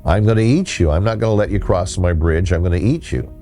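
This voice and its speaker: A man's voice: sits low, fast, warm tone, faint music behind. A man voicing a hungry, dim-witted male troll who guards a bridge and threatens to eat travelers. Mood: threatening. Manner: blunt, threatening.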